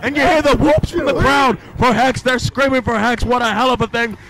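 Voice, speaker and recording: A man calling a live wrestling match play by play, excitable and often shouting. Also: extremely high pitch, brisk. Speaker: wrestling commentator. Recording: loud background noise.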